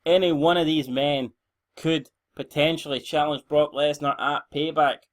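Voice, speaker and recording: A man's voice: on the high side, steady tone, normal speed. A young Scottish man giving rambling, blunt, sweary commentary on a game he is playing. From Scotland. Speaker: gaming channel host.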